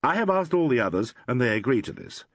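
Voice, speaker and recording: A man with a husky voice, reading the part of a calm police inspector in an audiobook, politely and patiently questioning a group. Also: medium pitch, fast, no echo. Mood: courteous. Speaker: inspector in a crime novel.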